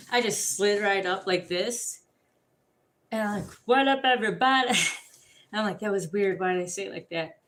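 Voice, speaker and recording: A woman ranting casually to the camera, profane and rambling, telling animated stories. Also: medium pitch, a little hiss or hum.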